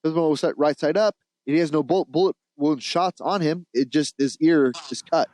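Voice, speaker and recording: On a low-quality recording, a podcast co-host with a slightly high, somewhat mellow voice talks a little fast. He casually retells a movie plot, rambling and laughing, restarting now and then and swearing occasionally.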